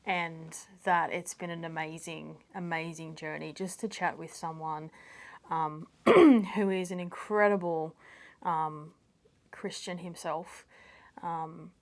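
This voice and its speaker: An Australian woman speaking as a guest on a casual faith podcast, earnest and pausing with fillers as she searches for words. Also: fairly low pitch.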